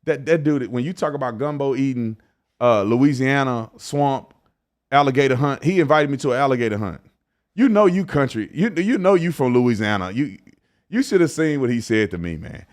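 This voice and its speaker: A man hosting a casual commentary show, talking in an animated, slangy way that climbs to excited emphasis. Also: medium pitch, moderate pace.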